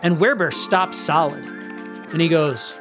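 A man with a fairly high voice runs a tabletop game as game master. He narrates loosely and meanders through his descriptions. Faint music plays underneath. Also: normal speed. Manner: casual, meandering, with fillers.

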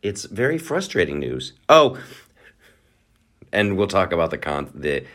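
With a low, sing-song voice that is a bit bright, a man hosting a comedy podcast meanders through an unhurried monologue. He's sarcastic and foul-mouthed, leaning heavily on filler words.

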